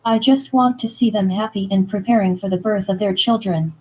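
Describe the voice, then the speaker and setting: A woman reading a romance novel aloud in first-person narration, plain and steady. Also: mid-range voice, brisk, few pauses, lo-fi sound, slight background noise. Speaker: audiobook reader.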